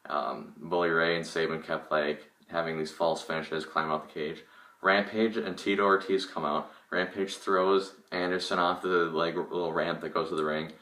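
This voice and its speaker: A man's voice: low-pitched, flat delivery, moderate pace, sharp tone, far from the mic. A young man casually reviewing a wrestling show, opinionated and rambling, with lots of fillers and restarts. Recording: echoey room, voice from off the mic.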